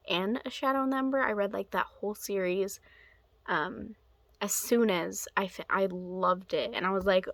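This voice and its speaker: A young woman talks through a book review at an unhurried pace, rambling from thought to thought and slipping into hushed whispered asides. Her voice sounds close and dry, with no room echo. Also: mid-range voice. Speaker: book vlogger. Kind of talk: casual book-review chat.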